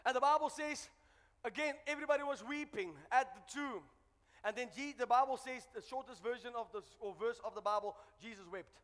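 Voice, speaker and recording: A high-pitched man preaches a sermon to his congregation, swinging between loud, shouted calls to the crowd and quiet, joking asides. His voice carries a long church-hall reverb. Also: brisk. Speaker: pastor.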